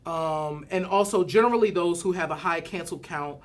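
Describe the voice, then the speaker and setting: A woman's voice: on the low side, moderate pace, a little hiss or hum. A woman co-hosting a casual discussion, candid and conversational, reading out viewer comments. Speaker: podcast co-host.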